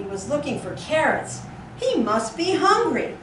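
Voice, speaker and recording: High, lively librarian reading to toddlers. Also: female voice, a little slow, slight background noise. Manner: sing-song, gasping, playfully animated. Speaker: children's librarian. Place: library room. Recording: echoey room, mic far off.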